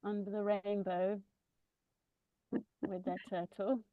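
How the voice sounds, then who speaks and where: A woman gently describing her children's massage work, pausing often with ums. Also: medium pitch, flat delivery, dry recording, phone-quality sound. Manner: gentle, hesitant with many ums. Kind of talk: casual conversational sharing.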